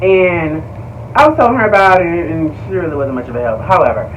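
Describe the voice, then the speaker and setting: A young man telling a story to viewers in a casual vlog, animated, slangy and profane, calling his audience y'all. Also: on the high side, brisk, distant mic, highs cut off, slight background noise. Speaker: vlogger.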